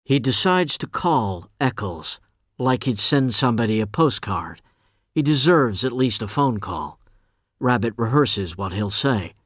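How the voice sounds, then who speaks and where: A man's voice: medium pitch, lively intonation, a little slow, no echo. Man narrating a novel, dry close voice. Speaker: audiobook narrator. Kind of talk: scripted literary narration.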